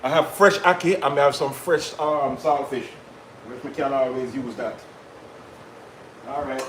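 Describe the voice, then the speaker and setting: A man's voice: medium pitch, steady tone, a little slow, reverberant, a little hiss or hum, rough recording. A man hosting a live cooking stream from a kitchen, chatting casually with viewers as he cooks. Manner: chatty, patois-tinged asides to viewers. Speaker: cooking show host.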